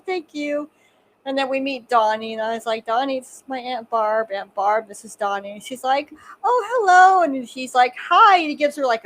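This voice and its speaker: Woman with a slightly high voice, an animated podcast storyteller who voices each quoted line. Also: rough recording. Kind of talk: casual podcast chat.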